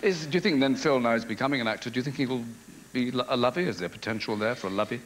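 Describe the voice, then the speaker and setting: Ein Mann moderiert eine Talkshow und stellt seinen Gästen neckende Fragen im Plauderton. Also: male voice, mid-range voice, very fast, slight background noise, rough recording. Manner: teasing, conversational questions. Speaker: talk-show host. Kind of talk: interviewing guests.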